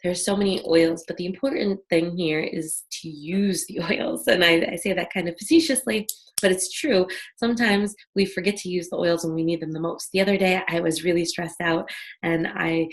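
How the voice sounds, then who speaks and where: A woman's voice: lowish voice, fairly even intonation, moderate pace. A woman hosting an online wellness workshop over a video call, talking in a friendly, chatty way and guiding listeners through a breathing exercise. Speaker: workshop host. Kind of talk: casual online workshop talk.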